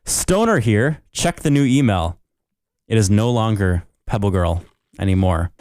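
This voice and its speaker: A man's voice: lowish voice, lively intonation, unhurried, a little mellow, dry recording, studio quality. A young man co-hosting a podcast in casual chat, reading a listener email aloud and laughing often. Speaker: podcast co-host.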